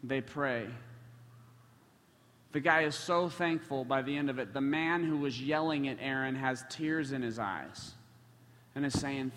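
Guy preaching a sermon, passionate, gets loud a lot, echoey hall. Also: mid-range voice, unhurried, long pauses, slight background noise. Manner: passionate, with frequent surges in volume.

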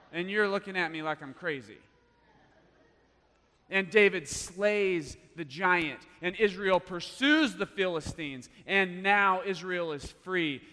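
A man preaching a sermon, telling a story with big swings between loud bursts and hushed lines. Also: on the high side. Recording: long hall reverb.

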